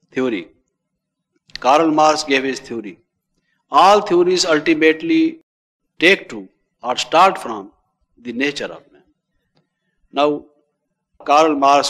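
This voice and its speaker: A man giving a measured, repetitive meditation lecture as a spiritual teacher, often adding "you see". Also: on the high side, a bit bright, long reverb tail.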